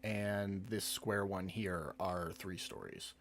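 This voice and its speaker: A man acting as game master, unhurried, describing scenes with pauses. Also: low-pitched, fairly even intonation, a bit bright. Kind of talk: running a tabletop game.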